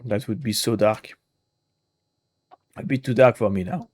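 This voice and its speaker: A man's voice: lowish voice, measured pace, a little mellow, slightly rough, no room sound. Joking man narrating a game playthrough. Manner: chatty, joking, reads dialogue aloud. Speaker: gaming YouTuber. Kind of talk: casual let's-play commentary.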